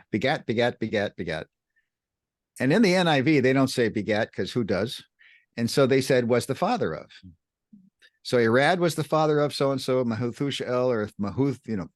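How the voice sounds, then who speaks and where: Animated man explaining scripture, dry sound. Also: dry recording. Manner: emphatic, repeats words, pitch jumps for emphasis. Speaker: podcast co-host teaching scripture. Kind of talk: animated explanatory teaching chat.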